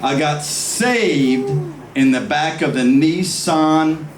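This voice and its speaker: A man's voice: a little high, takes it slowly. A man giving a rambling, emotional birthday toast to a friend at a party, often laughing. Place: party venue. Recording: echoey room mic from far off with noise.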